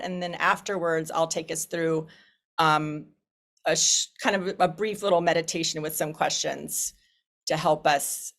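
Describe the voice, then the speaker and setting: A woman facilitating an online discussion group, opening with a relaxed welcome full of fillers and restarts, heard over a video call. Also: low-pitched, vocal fry.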